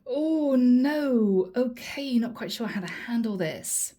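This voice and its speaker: A woman voicing a young man's panicked inner thoughts in a hushed, whispery way. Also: on the high side, expressive, takes it slowly. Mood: flustered. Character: panicked young man thinking to himself.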